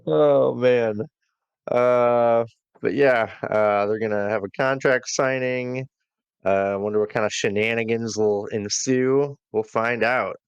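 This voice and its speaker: A man's voice: medium pitch, steady tone, takes it slowly, clear, resonant tone, no echo, muffled recording. A man co-hosting a casual wrestling review podcast, talking in a laid-back way with many fillers as he reads from his notes. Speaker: podcast co-host.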